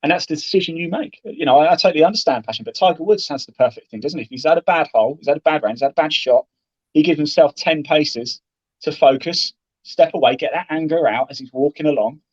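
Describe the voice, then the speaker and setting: Fast-talking golf broadcaster. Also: male voice, a little high, dry recording, muffled recording. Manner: chatty, animated storytelling with acted-out quotes. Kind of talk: casual interview talk.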